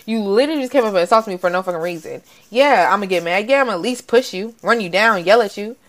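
A woman chatting casually, animated and profane, laughing often and acting out quotes. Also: mid-range voice, fast. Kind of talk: casual chat.

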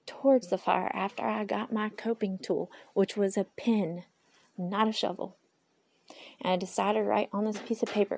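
A woman with a gravelly, slightly husky voice speaks candidly into her phone for her own podcast. She rambles in an unscripted monologue and keeps talking to herself aloud. She brings her faith in God into the talk. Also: medium pitch, mellow. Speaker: podcast host.

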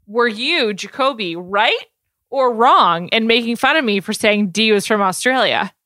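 Bright bubbly woman co-host. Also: on the high side, expressive, no room sound. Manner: bubbly, laughing, quick to agree. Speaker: podcast co-host. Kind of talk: casual chat.

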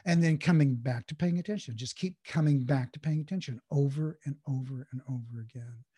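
A man's voice: medium pitch, fairly quick, dark tone, breathy edge. A man guesting on an interview show, explaining mindfulness in a thoughtful, conversational way with frequent restarts. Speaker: guest, mindful communication coach.

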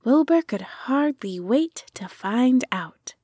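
A woman narrating a children's audiobook in a slow, gentle storytelling manner. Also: fairly high pitch, lively intonation, no echo, studio quality.

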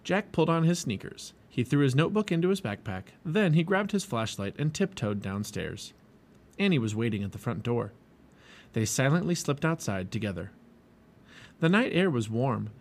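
A man reading a children's storybook aloud in an expressive, lively way. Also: medium pitch, normal speed. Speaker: storybook reader.

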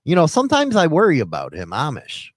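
A man co-hosting a casual podcast, talking crude and profane with a constant joking edge. His pitch sits a bit high and swings widely as he rants. The mic sound is dry and close. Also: wildly swooping pitch, fairly quick, no echo. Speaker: podcast co-host. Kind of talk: casual chat.

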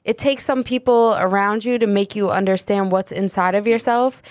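A woman's voice: mid-range voice, steady tone, moderate pace, a little mellow, no echo. A young woman hosting a podcast in casual, enthusiastic chat, swearing freely. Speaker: podcast host.

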